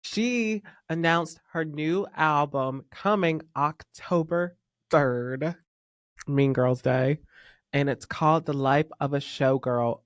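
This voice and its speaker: A man hosting a casual pop music podcast, talking in an excitable, gushing fan manner with sudden whispers. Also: on the high side, takes it slowly, no echo, clean studio sound. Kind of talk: casual chat.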